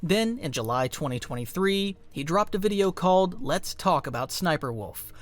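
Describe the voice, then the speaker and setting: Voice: mid-range voice, animated, moderate pace, faint music behind. A narrator reading a scripted online documentary in a punchy, conversational storytelling manner.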